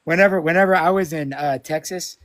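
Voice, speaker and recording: A man's voice: on the high side, fairly quick, a bit bright. A man co-hosting a live stream in casual chat, joking, swearing often and laughing at himself.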